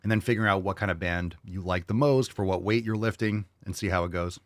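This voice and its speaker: A man's voice: low voice, fairly even intonation, fast, hardly any pauses, dry recording, clean studio sound. A man hosting a fitness podcast, casually answering listener questions in a blunt, joking way with some swearing.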